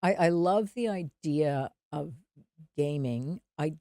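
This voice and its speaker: A woman's voice: deep voice, slow, warm tone, no room sound, clean studio sound. A middle-aged Canadian woman co-hosting a podcast, laughing often and restarting her sentences. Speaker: podcast co-host. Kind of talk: casual chat.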